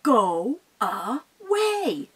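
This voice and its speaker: A woman playing a gruff mother troll. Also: high-pitched, very animated, a bit bright, voice pushed up, full character voice. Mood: stern. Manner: slow, drawn-out, firm commands. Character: stern, grumpy mother troll, big and gruff. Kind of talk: oral storytelling performance.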